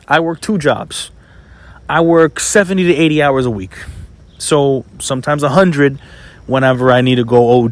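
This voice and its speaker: A young man, talking casually to camera in a blunt, swearing monologue full of "you know" fillers. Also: medium pitch. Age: 20s. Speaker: vlogger.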